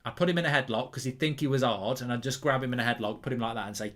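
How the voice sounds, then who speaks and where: A man hosting a live football watchalong, chatting casually and answering viewer questions in a lively way and swearing freely. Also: mid-range voice, rapid-fire, hardly any pauses. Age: older than 23. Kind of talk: casual chat.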